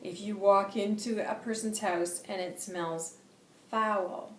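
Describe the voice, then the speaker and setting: A woman's voice: mid-range voice, steady tone, slow pace, a little hiss or hum. A woman hosting a vlog, telling a story in a chatty way with frequent laughter and lots of relayed quotes. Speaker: intuitive vlog host. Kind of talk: casual storytelling chat. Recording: roomy echo.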